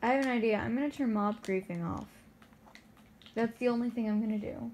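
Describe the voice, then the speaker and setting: A woman's voice: fairly high pitch, fairly quick, darkish tone, a little hiss or hum. A woman co-hosting a gaming video, chatting in a playful, teasing way as she plays. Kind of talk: casual gameplay chat.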